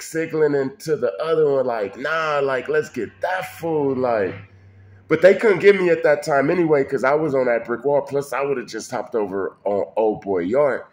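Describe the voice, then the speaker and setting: Speaking at a medium pitch with a slightly mellow tone, a man shares a personal story in everyday, colloquial language. He addresses the listener directly, with frequent restarts.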